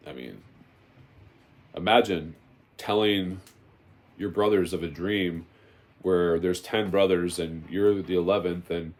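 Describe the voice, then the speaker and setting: Speaking as a religious teacher, a man gives an impassioned testimony, preaching emphatically and repeating phrases for stress. His voice is low and a little mellow.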